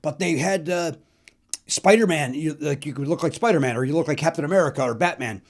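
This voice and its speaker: A middle-aged man from Chicago hosts a comedy podcast, talking through old songs with quick, self-deprecating jokes. His voice sits a little high for a man. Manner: chatty, self-deprecating, sings snatches of songs. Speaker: podcast host. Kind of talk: casual comedic storytelling about records.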